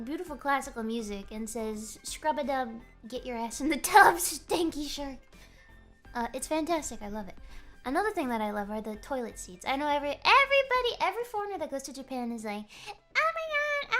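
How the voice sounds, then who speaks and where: Lively high-voiced woman, joking chat. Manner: animated, joking, rambling storyteller. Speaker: VTuber streamer. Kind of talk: casual chat stream.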